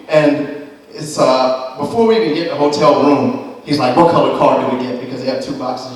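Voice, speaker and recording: A young man doing a profane, animated stand-up routine, acting out the people in his stories. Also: mid-range voice. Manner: profane, animated storytelling with voiced impressions. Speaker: stand-up comedian. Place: comedy club stage. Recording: echoey room from far off. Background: audience laughter.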